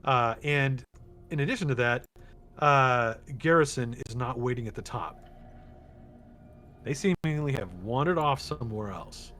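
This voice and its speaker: A man narrating as game master of a tabletop game, relaxed and chatty, with frequent fillers. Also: mid-range voice, a little slow, long pauses, soft background music.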